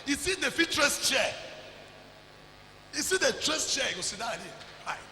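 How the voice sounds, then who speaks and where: A man with a Nigerian accent preaching a fervent sermon, breaking into shouts and slipping into pidgin. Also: extremely high pitch, big pitch swings, moderate pace, a little hiss or hum. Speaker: pastor. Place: church. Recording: echoey church hall.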